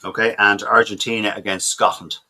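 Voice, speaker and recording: Bright-voiced male podcast host. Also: lowish voice, flat delivery. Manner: brisk quizmaster, hesitant fillers. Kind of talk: casual panel chat. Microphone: video call.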